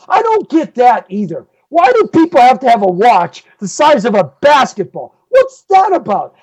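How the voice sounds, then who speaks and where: A man rants through a heated opinion monologue as a live show host. He jumps from loud, mocking outbursts to low, grumbling asides. The audio is dull and lo-fi. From United States. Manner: ranting, swings between loud outbursts and low muttering.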